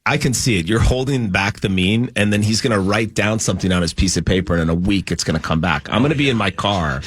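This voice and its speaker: A man's voice: on the low side, fast, husky. A man co-hosting a radio show, needling his co-hosts in a joking way. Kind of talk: sports radio banter.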